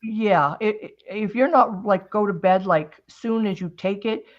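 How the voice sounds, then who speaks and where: A woman's voice: mid-range voice, unhurried, lo-fi sound. A woman hosting a casual craft-and-chat stream, telling a long story in a rambling way with many restarts. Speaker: host.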